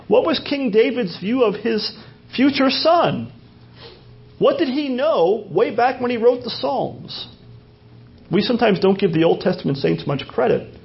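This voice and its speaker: In a dull lo-fi recording, a man whose voice sits high with vocal fry preaches a sermon. As pastor he teaches through a passage, returning to repeated phrases and rhetorical questions.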